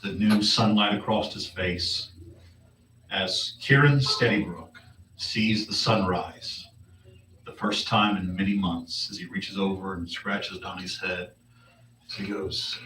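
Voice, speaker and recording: A man narrating a tabletop game as game master, halting and low-key, recorded far from the mic. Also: steady tone, pushed and bright. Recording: echoey room, mic far off, faint hiss.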